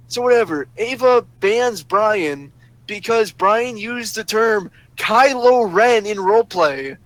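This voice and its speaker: Man with a high-pitched voice, venting a foul-mouthed, exasperated rant into a voice chat mic. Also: expressive, slow pace, a bit bright, no echo, poor audio. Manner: profane, exasperated ranting. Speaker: voice chat participant. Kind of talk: ranting story on a voice call. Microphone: voice chat microphone.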